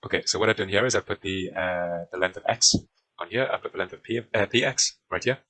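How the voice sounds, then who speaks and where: A man with a deep, bright, forceful voice and a British accent talks fast as he tutors through a maths exam question, drawing on a diagram and using frequent fillers. The recording quality is low.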